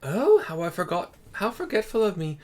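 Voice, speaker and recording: A man voicing a jovial old male turtle spirit, loud and hearty. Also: high-pitched, sing-song, moderate pace, pitched above the performer's own voice.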